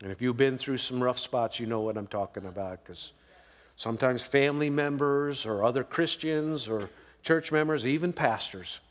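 A man's voice: mid-range voice, moderate pace. A male pastor preaching a sermon in a conversational way, with emphatic rises and frequent "right?" asides. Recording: long reverb of a large hall.

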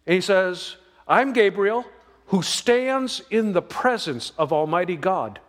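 A man's voice: high-pitched, lively intonation, slow, a bit bright, long reverb tail. A man preaching a sermon as pastor, folksy and emphatic, drawing out the verses he reads.

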